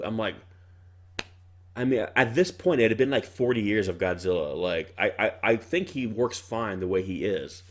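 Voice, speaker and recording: Animated man riffing on a movie. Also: on the low side, normal speed. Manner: animated, rambling, self-interrupting. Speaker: commentary co-host. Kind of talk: casual movie commentary chat.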